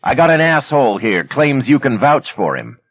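A man voicing a gruff, yelling security heavy. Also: medium pitch, very animated, normal speed, dull audio, voice pushed up. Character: rough, bullying male security agent, middle-aged.

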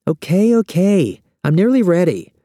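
A man's voice: mid-range voice, very animated, measured pace, mellow, no room sound, studio quality, voice pushed up. Man putting on a curt, irritated young woman. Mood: annoyed.

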